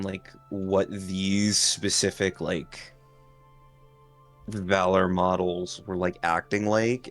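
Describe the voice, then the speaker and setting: Casual low-voiced man player. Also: fairly bright tone. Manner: casual, describing his character's actions. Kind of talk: casual tabletop play.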